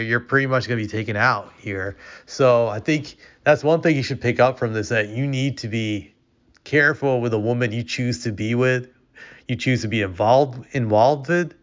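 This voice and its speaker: Low-voiced man, opinionated rambling. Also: a bit bright. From United States. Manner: opinionated, rambling with repeated restarts. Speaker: commentary vlogger. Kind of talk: casual opinion commentary. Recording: dull lo-fi recording.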